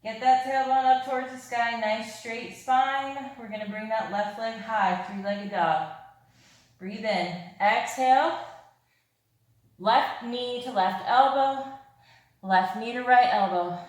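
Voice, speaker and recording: Lady yoga teacher, out of breath, slow cues, high-ish voice, super echoey room. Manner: upbeat, encouraging, breathy cues. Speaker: yoga instructor. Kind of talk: guided yoga class cues.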